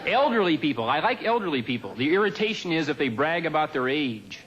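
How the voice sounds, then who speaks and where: A man doing a stand-up comedy routine on a television studio stage, with a dry, deadpan observational delivery and offhand asides. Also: on the high side, brisk, highs cut off, crowd noise, noisy background.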